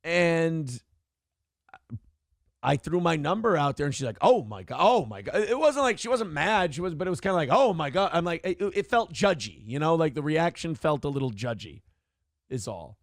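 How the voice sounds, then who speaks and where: A man's voice: on the high side, animated, normal speed, no room sound, clean studio sound. A middle-aged man hosting a livestream, talking candidly and rambling, reading viewer messages aloud. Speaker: streamer host. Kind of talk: casual livestream chat.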